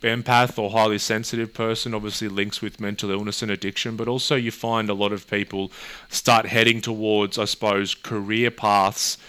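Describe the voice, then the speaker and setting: A man who works as a therapist, hosting a relaxed conversation and telling stories with frequent laughter. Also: fairly low pitch, moderate pace, clean tone. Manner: relaxed, storytelling, laughs often. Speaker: therapist host. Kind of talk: casual podcast chat.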